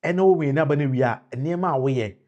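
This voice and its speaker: A man with a Ghanaian accent gives political commentary to a live-stream audience, switching between Twi and English, restarting phrases and calling out viewers by name. His voice is a little high with a darkish tone and a brisk pace, on dull audio.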